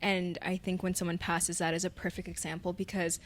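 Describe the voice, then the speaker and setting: A woman's voice: lowish voice, level tone, a little fast. A young woman co-hosting a podcast, talking candidly and reflectively in casual chat, laughing easily. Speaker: podcast co-host.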